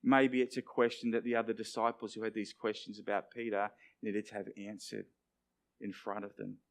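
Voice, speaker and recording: Male preacher, animated. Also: lowish voice, normal speed. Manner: animated, acts out quoted dialogue. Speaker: pastor. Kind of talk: sermon.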